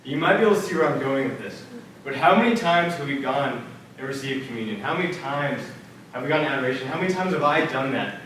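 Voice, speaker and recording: A man's voice: medium pitch, lively intonation, quick pace, a bit bright, slight background noise. A young man giving a casual, earnest personal faith talk to students, telling stories with plenty of "like" and "um". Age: young adult. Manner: casual, earnest storytelling with fillers. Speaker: student speaker. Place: multipurpose room at a church center. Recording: very echoey room from far off.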